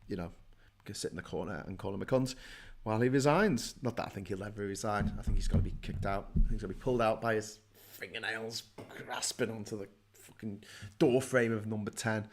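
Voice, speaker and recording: A man's voice: fairly low pitch, steady tone, fairly quick. A middle-aged man hosting a casual livestream from his desk, rambling, swearing and joking as he reads out viewer comments. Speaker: live show host.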